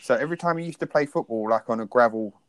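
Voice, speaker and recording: A man co-hosts a podcast, chatting casually in lively, self-deprecating banter as he pokes fun at himself. His mid-range voice moves at a quick pace with no echo.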